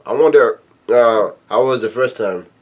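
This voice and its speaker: A man's voice: medium pitch, moderate pace. A man casually reading a comic chapter aloud and breaking off for offhand comments. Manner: reads text aloud, breaking off for offhand asides. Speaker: manga chapter reader and commentator.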